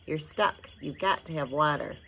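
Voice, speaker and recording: A woman reading an audiobook, voicing a tired tiny father who speaks flatly and plainly. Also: low-pitched, normal speed, a little hiss or hum, low-quality recording. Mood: weary. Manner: tired, flat and expressionless. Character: weary stern tiny father borrower.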